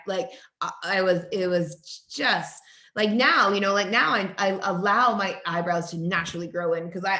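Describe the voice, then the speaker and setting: A woman's voice: lowish voice, pushed and bright, roomy sound. A woman in her forties, a naturopathic doctor and guest, talking with enthusiasm in an interview and often restarting her sentences. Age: 40s. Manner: enthusiastic, talkative, frequent restarts and laughs. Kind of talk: conversational interview.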